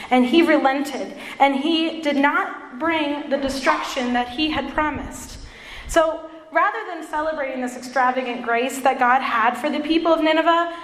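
A woman preaches a sermon in a high, light voice, earnest and self-deprecating, with playful asides. Her voice rings through a roomy church hall, and a long reverb trails each phrase. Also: a bit bright.

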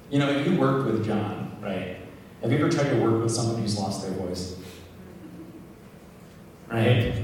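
A man giving a casual, joking sermon, full of asides and quick tag questions to the listeners. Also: medium pitch, slight background noise. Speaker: preacher. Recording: echoey hall, distant mic.

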